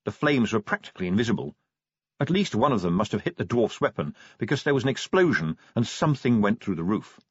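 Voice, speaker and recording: A low, husky male voice narrates an audiobook with wry drama, his pitch rising and falling in lively curves. The recording is dry and close, with a slightly dull, muffled top end. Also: quick pace, dry recording. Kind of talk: scripted narration.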